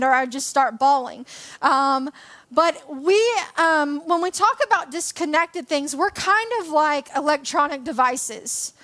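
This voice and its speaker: A woman's voice: sits high, a bit bright. A woman in her twenties giving a church message, telling a personal story in a chatty, self-deprecating way with plenty of fillers. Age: 20s. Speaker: church speaker. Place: church hall.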